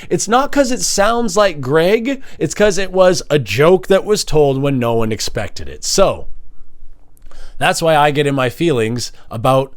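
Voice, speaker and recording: A man speaks at a microphone in a loose confessional monologue. His pitch rises and falls widely as he jumps into high mock voices, then drops to low, quiet asides. The delivery stays restless and playful. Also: measured pace. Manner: animated, swings between high mock voices and low mutters. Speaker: vlogger and musician. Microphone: standing at a microphone.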